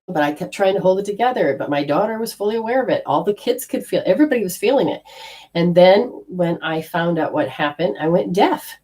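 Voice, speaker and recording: Animated storytelling woman, lower voice. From Australia. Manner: animated, acts out her own inner voices with big pitch jumps. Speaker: energy healing teacher. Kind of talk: casual personal storytelling.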